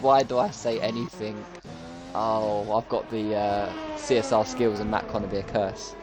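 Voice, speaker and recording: A man's voice: on the low side, little pitch movement, moderate pace. A man commentating live on an online racing league, chatty and jokey as he calls the laps. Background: music.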